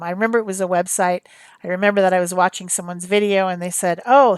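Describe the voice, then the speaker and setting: A woman's voice: medium pitch, dry recording. A woman talking through a craft demonstration in a casual, rambling way, with many fillers and restarts. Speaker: craft tutorial host.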